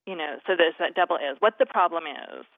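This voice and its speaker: A woman's voice: on the low side, a little fast, no echo. A woman grammar expert, a guest on a call-in radio show, explaining usage in a chatty way with many fillers. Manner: chatty, many "you know" fillers, laughs easily. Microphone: phone. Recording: narrow phone line.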